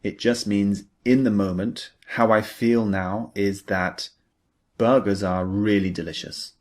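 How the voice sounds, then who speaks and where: Male English tutor, lesson narration; unhurried, lowish pitch, patient step-by-step explanations. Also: steady tone. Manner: slow, patient, explains each example step by step. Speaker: English teacher.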